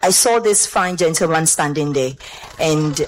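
Excited Ghanaian woman giving testimony. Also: sits low, measured pace, a little hiss or hum, poor audio. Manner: animated, switching between English and Twi, rising to shouts. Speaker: church member giving a testimony.

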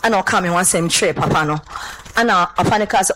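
Excited Ghanaian woman giving testimony. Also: mid-range voice, a little fast, slight background noise, poor audio. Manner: animated, switching between English and Twi, rising to shouts. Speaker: church member giving a testimony.

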